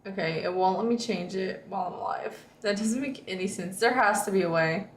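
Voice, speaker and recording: A woman's voice: mid-range voice, brisk, roomy sound, slight background noise. A woman streamer in casual chat with viewers, rambling and reading chat aloud.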